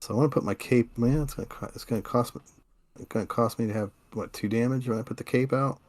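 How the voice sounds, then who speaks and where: A man co-hosting a podcast, talking slowly and deliberately as he plans his card-game moves aloud. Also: mid-range voice, fairly even intonation, a little mellow, no echo. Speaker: podcast co-host. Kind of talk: casual card-game play talk.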